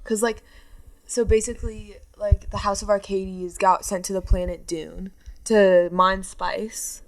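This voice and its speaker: A woman's voice: mid-range voice, level tone, unhurried, poor audio. A teenage girl co-hosting a casual podcast, rambling with lots of "like" as filler. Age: teens. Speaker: podcast co-host.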